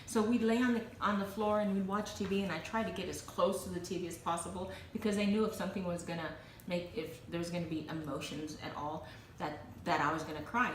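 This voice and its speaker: A woman's voice: lowish voice, fast talker, few pauses, far from the mic. Chatty woman in an echoey, noisy room. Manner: chatty, laughing, animated storyteller. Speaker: co-host. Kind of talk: casual chat.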